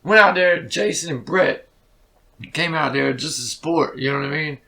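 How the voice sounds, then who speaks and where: A man's voice: on the high side, normal speed, gravelly, pushed and bright. A man, a musician guest telling rambling stories in a casual interview, full of swearing and fillers.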